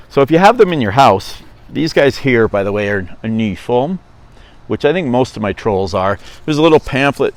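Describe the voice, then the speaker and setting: A middle-aged man from Norway with a Norwegian accent, chatting casually and rambling on his vlog, often correcting himself. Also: medium pitch. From Norway (Stavanger). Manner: rambling, self-correcting, chuckling. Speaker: vlogger.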